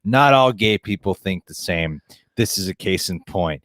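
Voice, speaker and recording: A man's voice: low-pitched, expressive, moderate pace, a bit bright, no room sound. A young man co-hosting a casual livestream, reading viewer chats, laughing often and restarting his sentences.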